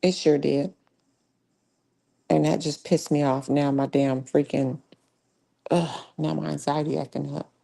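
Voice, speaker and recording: A woman's voice: low-pitched, flat delivery, normal speed, creaky, warm tone, slightly rough. A woman hosting a live true crime commentary stream, talking bluntly with heavy cussing and slang. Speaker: livestream host.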